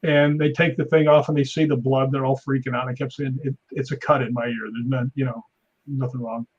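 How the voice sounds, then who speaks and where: A man in his fifties, a stuntman guest on a talk show, telling animated anecdotes with sound effects and chuckles. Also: medium pitch, brisk, a little hiss or hum. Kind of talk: casual interview storytelling. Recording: dull lo-fi sound.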